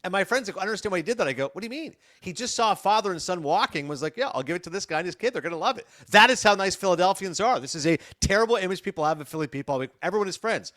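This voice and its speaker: A middle-aged man, a sports broadcaster guesting on a podcast, telling animated stories and acting out the dialogue. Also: high voice, racing, few pauses. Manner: animated, acts out dialogue in his anecdotes. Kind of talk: podcast storytelling.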